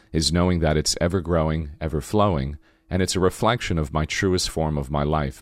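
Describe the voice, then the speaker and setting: Very deep-voiced man, sultry morning voice. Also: no room sound. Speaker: podcast host. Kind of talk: spiritual monologue podcast.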